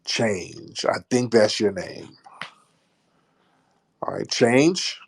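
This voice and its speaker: A man's voice: mid-range voice, expressive, drawn-out words, creaky, husky. A man hosting a live call-in room, bantering with callers in a crude, mocking, joking way.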